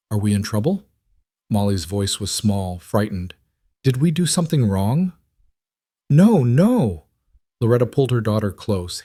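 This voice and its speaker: Low-voiced man narrating a story. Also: a little mellow, dry recording, studio quality.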